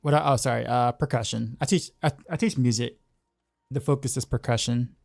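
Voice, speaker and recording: A man streaming a game chats through his choices, repeating words and trailing off easily. His mid-pitched voice has a heavy gravel to it, recorded dry and close. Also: steady tone, a little fast, darkish tone, dry recording, soft background music. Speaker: game streamer and music teacher. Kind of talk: casual gameplay commentary.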